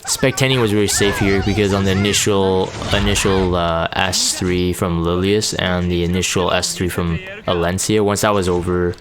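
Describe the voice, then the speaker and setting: A man's voice: sits low, steady tone, moderate pace, few pauses, background noise. A man giving casual, rambling commentary over a replay of his own game, sleepy from just waking up, with many fillers and restarts.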